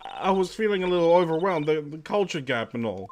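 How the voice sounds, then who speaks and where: A timid young woman sidekick, read by a man who speaks softly and hesitantly. The pitch sits fairly high and moves about a lot. It is game dialogue read aloud. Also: animated, fairly quick, slight background noise, natural voice.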